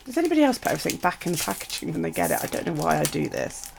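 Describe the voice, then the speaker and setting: Gravelly-voiced British woman chatting. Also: on the low side, very animated, racing, background noise. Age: middle-aged. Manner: chatty, gushing over craft supplies, talks to viewers. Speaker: craft live streamer. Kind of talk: casual chat while unboxing.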